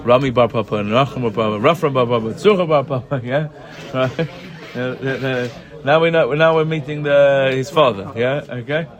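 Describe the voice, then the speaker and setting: A man's voice: medium pitch, normal speed, hardly any pauses, lo-fi sound. A man teaching a text study class, reading short passages aloud and explaining them in casual English with constant "right? yeah?" checks to his students. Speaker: Talmud teacher. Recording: room with group chatter heard.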